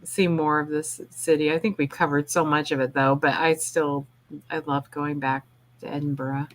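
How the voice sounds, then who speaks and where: A woman's voice: sits low, little pitch movement, normal speed, slight background noise. A woman guest on a paranormal show, chatting casually about her travels. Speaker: guest, ghost hunter. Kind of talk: casual chat.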